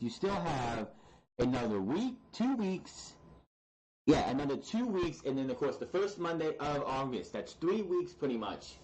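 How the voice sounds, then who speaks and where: A man's voice: fairly high pitch, darkish tone, rough recording. A man reviewing a wrestling show in casual podcast commentary, blunt and exasperated.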